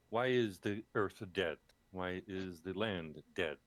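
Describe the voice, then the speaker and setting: A man with a very deep voice delivers his character's lines slowly and formally as a tabletop game player. His voice sits close and dry, with little room sound. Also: no room sound. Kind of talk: in-character role-play.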